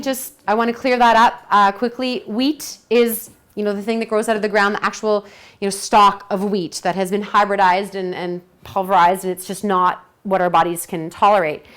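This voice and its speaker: A woman presenting a detox program to a group, talking chattily and enthusiastically and acting out her own quotes. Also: medium pitch.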